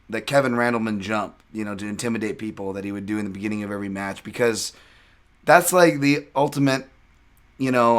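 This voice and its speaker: Bright-voiced rambling podcast host, a man. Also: medium pitch. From Chinese heritage. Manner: rambling, laughing storyteller. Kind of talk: casual podcast chat.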